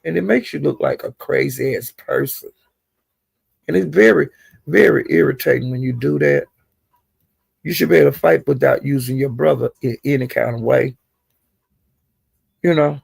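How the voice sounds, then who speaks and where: A man's voice: medium pitch, normal speed, creaky, pauses often, husky, no room sound. A man giving casual, profane gossip commentary on online live streams and scolding the people involved directly. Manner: talks straight to the people discussed.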